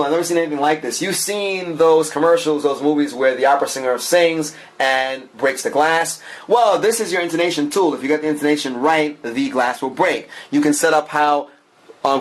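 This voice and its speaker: Chatty man demoing an app. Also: on the high side. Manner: chatty, enthusiastic, frequent "take a look" and uh fillers. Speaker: app reviewer. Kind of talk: app demo walkthrough.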